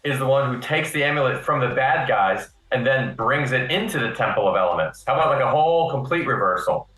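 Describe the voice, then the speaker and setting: A man on a casual live panel discussion, giving deliberate, opinionated critique. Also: mid-range voice, lively intonation, fairly bright tone. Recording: roomy echo.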